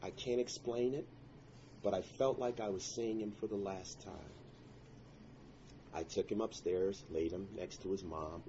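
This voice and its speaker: Earnest male storyteller, lowish voice, intense and prayerful; muffled recording with a light hiss. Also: fairly even intonation, unhurried, pauses often, warm tone. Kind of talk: personal story told to listeners.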